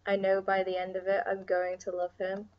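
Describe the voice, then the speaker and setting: A woman's voice: medium pitch, completely flat delivery, moderate pace, highs cut off. A tired young woman chatting in a rambling, casual way about her drawing as she works, sometimes dropping to a whisper. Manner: rambling, chatty, drifts into soft whispers and sighs. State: tired, yawning. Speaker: artist streaming her drawing.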